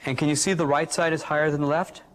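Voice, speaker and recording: A man teaching a live workshop, calmly guiding a group through breathing exercises and demonstrating them aloud. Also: a little high, fast talker, slight background noise. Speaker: energy healing teacher.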